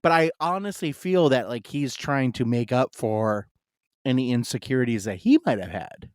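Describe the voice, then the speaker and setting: A man's voice: mid-range voice, normal speed, no room sound, studio quality. A man in casual podcast chat, telling a long personal story with many fillers and asides. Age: adult, married. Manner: rambling and storytelling, full of "like" fillers.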